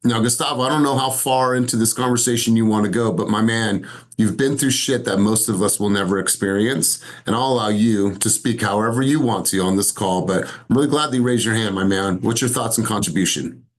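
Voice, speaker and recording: A man's voice: on the low side, fairly quick. A man, a sales coaching director, giving a motivational talk on a group video call, telling stories with growing, emphatic fervor.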